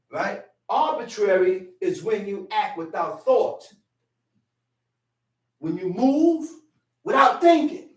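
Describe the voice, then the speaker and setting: A man's voice: high voice, a little mellow. Man preaching, storytelling sermon, distant mic, roomy echo. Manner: storytelling, acts out voices in quotes. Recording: echoey room, mic at a distance.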